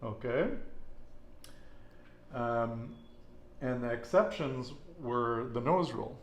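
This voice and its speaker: Taking his time, a man with a mid-range voice leads a Spanish lesson. He patiently quizzes a student and encourages her by repeating her answers, and the room is echoey with faint noise.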